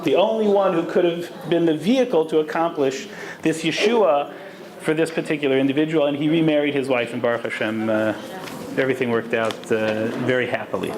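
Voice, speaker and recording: A man's voice: on the high side, steady tone, brisk. A man giving a lecture on Jewish law to an audience, telling stories and mixing Hebrew terms into his English. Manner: storytelling, Hebrew terms woven in. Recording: echoey room, faint background noise.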